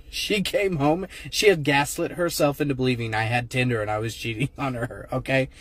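A man's voice: mid-range voice, normal speed, fairly bright tone, slight background noise. A young man telling a comedic story about his wife, playful, laughing and mocking as he goes. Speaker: comedy video creator.

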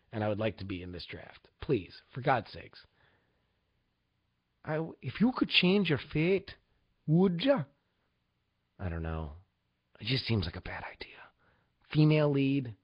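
A young man hosting a casual weekly talk show, rambling in a profane, sarcastic way about upcoming releases. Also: medium pitch. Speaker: host. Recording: dull lo-fi recording.

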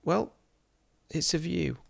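A man's voice: fairly high pitch, takes it slowly, vocal fry. An Englishman giving casual, amused commentary as he tours a city virtually, chatting and laughing often with jokey asides. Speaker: football game YouTuber. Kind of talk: casual commentary over a virtual street tour.

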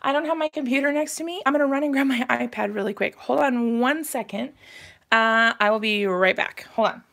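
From a room at home, a talkative woman in her thirties hosts a casual craft live stream, chatting quickly with frequent laughs, apologies, and ums. Her slightly high, fairly bright voice has some vocal fry. She's sometimes out of breath, and her voice fades in and out as she moves nearer to or farther from the mic.

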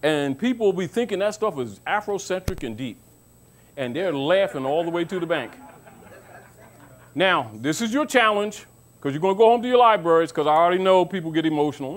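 High-voiced man lecturing, preachy. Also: very animated, a little fast. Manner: preachy, rhetorical questions, mocking asides; calls listeners baby. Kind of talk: informal lecture to an audience.

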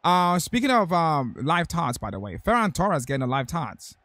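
A man's voice: a little high, big pitch swings, normal speed, a bit bright, dry recording. A young man streaming a football video game, reacting in hyped slang and reading out chat messages. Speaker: gaming streamer. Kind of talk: live-stream gameplay commentary.

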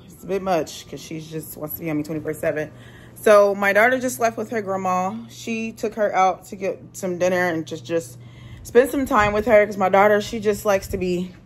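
In a casual phone-camera vlog, a young single mom who works from home chats candidly and swears now and then. Her voice is medium in pitch, with slight background noise, as she moves through her house and laundry room.

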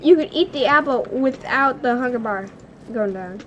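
A young woman hosting a casual gaming video, excitable, giggly and nervous as she plays with a friend. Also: on the high side, moderate pace, highs cut off, slight background noise. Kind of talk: casual gameplay chat.

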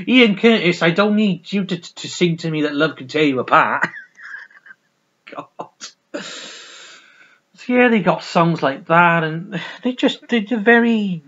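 A man's voice: a little high, expressive, a little slow, fairly bright tone, muffled recording. A man reviewing records in a casual, rambling, sweary way, full of restarts. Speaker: music vlogger.

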